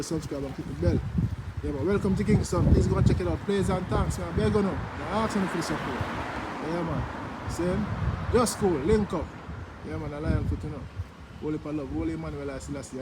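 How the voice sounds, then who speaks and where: A Jamaican man hosting his own vlog in casual promotional chat, laid-back and easygoing, often dropping "yeah, man" and "you see me". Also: fairly high pitch. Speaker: vlogger host. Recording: loud vehicle noise behind.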